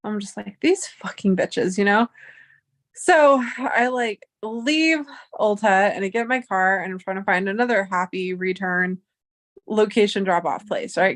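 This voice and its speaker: A young woman vlogger telling a story in a chatty, exasperated way, swearing freely. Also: mid-range voice. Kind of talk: casual storytime vlog.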